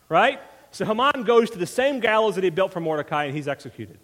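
A man's voice: sits high, expressive, fast, fairly bright tone. A man preaching a sermon in a conversational way, often checking in with his listeners. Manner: conversational, frequent "right?" asides. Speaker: pastor. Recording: long reverb of a large hall.

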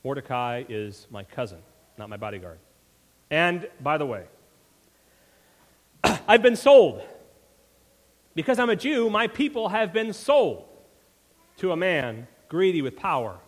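A man voicing a young queen making an earnest confession, in a preacher's own lowered voice. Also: sing-song, measured pace, long pauses, big-room sound.

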